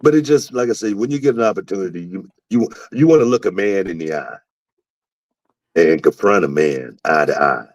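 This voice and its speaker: A man hosting a talk show, telling a story in a casual, animated way and acting out the quotes with sudden jumps in pitch. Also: fairly quick, no echo, low-quality recording. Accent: Southern US. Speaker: podcast host, former wrestler.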